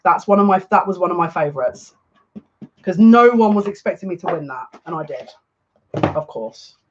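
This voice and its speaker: Male card reader for a live reading: high-pitched, jokey and chatty, dull lo-fi sound. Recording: muffled lo-fi audio.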